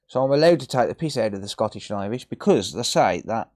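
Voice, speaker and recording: A man's voice: mid-range voice, expressive, brisk, few pauses, a little mellow. A man chatting casually and crudely with viewers during a live repair stream. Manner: crude joking banter with chat, sweary. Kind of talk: casual livestream chat while repairing.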